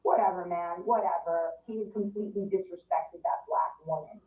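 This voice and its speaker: A woman's voice: on the low side, moderate pace. A woman guest in a casual interview, telling a story in a chatty way, full of "like" and acted-out quotes. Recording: distant, roomy, phone-like sound.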